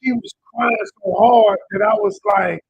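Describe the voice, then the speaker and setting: On a live stream, a male relationship coach tells a personal story into a handheld mic, speaking emotionally and directly to his viewers as "y'all." His voice sits high, steady in tone and a little slow, with vocal fry. The recording is muffled, with slight hiss or hum.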